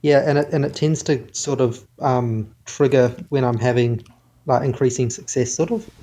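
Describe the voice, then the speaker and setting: A man in his twenties calling an advice show, hesitant and halting, full of fillers. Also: medium pitch, steady tone, mellow, slightly rough. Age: 20s. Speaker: caller.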